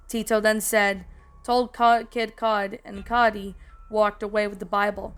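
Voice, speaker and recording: A woman reads a fan story aloud casually, making a few slips and adding her own comments as narrator and reviewer. Her voice is medium-pitched with a flat delivery, a measured pace, and a clean tone, with background music playing.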